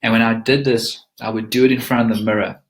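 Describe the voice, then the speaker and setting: A man's voice: medium pitch, flat delivery, fast talker. A man presenting a live webinar as a mindset coach, teaching in an earnest, emphatic coaching tone.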